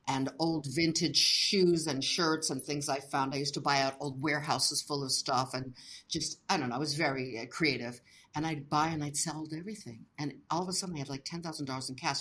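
Low-voiced animated woman telling stories. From United States. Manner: animated, acts out quoted voices, laughs often. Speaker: interview guest. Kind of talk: casual storytelling.

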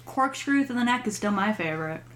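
A woman's voice: medium pitch, fairly quick. A woman co-hosting a horror movie podcast, chatting casually and swearing freely. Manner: animated, swears freely, rambling. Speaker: podcast co-host. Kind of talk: casual chat.

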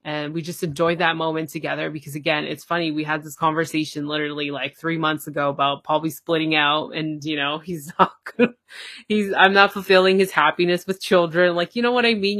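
A woman's voice: low voice, fairly even intonation, a little fast, fairly bright tone, dry recording, clean studio sound. A woman guest telling a personal story in casual talk, full of fillers and acted-out quotes. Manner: chatty, many fillers, acts out quoted dialogue. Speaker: podcast guest.

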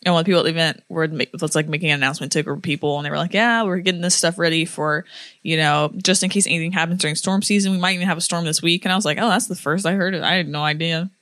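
A woman's voice: lowish voice, steady tone, racing, a bit bright, no room sound. A young woman from Florida, co-hosting a podcast and telling stories casually, with lots of fillers and laughter. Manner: chatty storyteller with many fillers and laughs. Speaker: podcast co-host. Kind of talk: casual chat.

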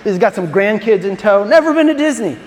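A man preaching a sermon as a pastor, telling a story in an animated way with stammering restarts. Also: high-pitched, a little fast. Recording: long reverb in a large hall.

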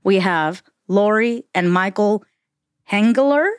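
A woman's voice: medium pitch, animated, slow, clear, resonant tone, no echo, clean studio sound. A woman hosting a podcast, bubbly and playful, with folksy sayings. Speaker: podcast host. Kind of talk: casual podcast interview.

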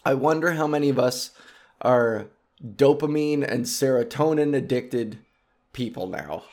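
A man's voice: mid-range voice, measured pace, darkish tone. A man hosting his own podcast, chatting alone in a rambling, impulsive and self-mocking way, trying out goofy names. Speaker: podcast host. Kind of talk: casual solo podcast chat.

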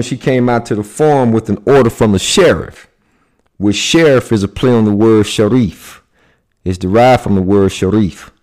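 A man from the United States giving a deliberate lecture on symbolism, pausing to check in with his listeners. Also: lowish voice, darkish tone. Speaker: speaker.

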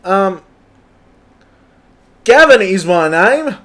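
A man voicing an excitable, cheerful young Australian tradesman who rambles loudly and stammers with an Australian accent. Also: high voice, extremely slow, full character voice. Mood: hyped. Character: hyped, cheerful young Aussie tradie bloke. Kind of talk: improvised comedy character.

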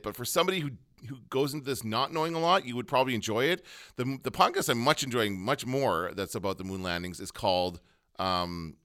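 A man talks casually on a podcast, sharing recommendations in a loose, filler-heavy way. His voice is bright and forward. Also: medium pitch, smooth. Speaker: podcast co-host. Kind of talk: casual chat.

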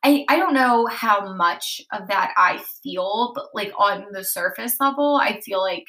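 Young woman, bright, clear tone, loose chatty delivery full of "like" and "um". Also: medium pitch, measured pace, rough recording. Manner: rambling, heavy use of "like" and "um". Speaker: host recounting a tarot reading. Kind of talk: casual chat.

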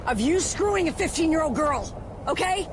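A furious, profane police chief. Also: female voice, high-pitched, expressive, normal speed. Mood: bitter. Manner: angry, profane, barking orders. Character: hard-edged female police chief, fed up. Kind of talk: TV drama acting. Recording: noisy TV clip played back.

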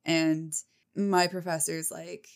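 Animated self-mocking woman storyteller. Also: sits low, slow. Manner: rambling with restarts and fillers. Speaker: vlogger. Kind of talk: casual storytelling.

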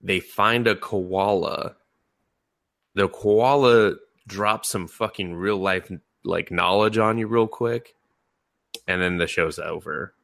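A man's voice: low-pitched, slow, vocal fry, fairly bright tone, no echo. A man co-hosting a podcast in casual chat, rambling, laughing and swearing as he retells scenes. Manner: rambling, laughing, profane, mimics people mid-story. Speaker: podcast co-host.

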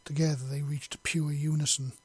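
A man's voice: fairly high pitch, flat delivery, moderate pace, breathy edge. A man reading a long fantasy story aloud in an unpolished way, with slips and self-corrections. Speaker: story reader. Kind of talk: reading his own fiction aloud.

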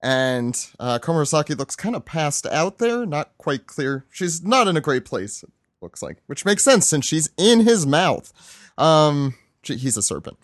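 A man hosting a podcast, casually talking through a comic chapter and slipping into voices for the characters. His pitch moves a lot as he talks. The sound is dry and close. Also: big pitch swings, a little slow, no room sound. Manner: rambling, acts out quoted lines with voices. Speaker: podcast host.

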